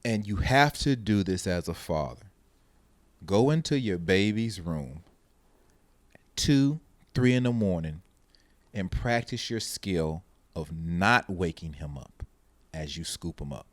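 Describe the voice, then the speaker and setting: Animated podcast host, low-voiced man. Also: slow pace, pauses often, no room sound. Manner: animated storyteller, acts out quotes. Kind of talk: casual chat.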